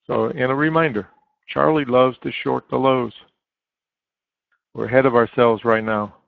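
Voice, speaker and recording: A man's voice: mid-range voice, fairly even intonation, normal speed, vocal fry, no echo. A man giving live market commentary as a trading chat room moderator, coaching steadily with frequent fillers over a dry, phone-like line.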